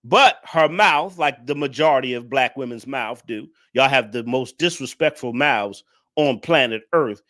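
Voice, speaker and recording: A man's voice: mid-range voice, unhurried, fairly bright tone. A man hosting a reaction commentary, lecturing viewers and repeating his points in a preachy way. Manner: addresses the audience directly. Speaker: commentary host.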